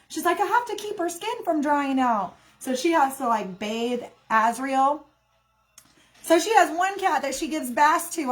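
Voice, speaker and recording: A young woman, telling a casual, rambling story to her viewers, animated and laughing, slipping into quick voices of her friends. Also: sits high, poor audio. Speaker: vlogger.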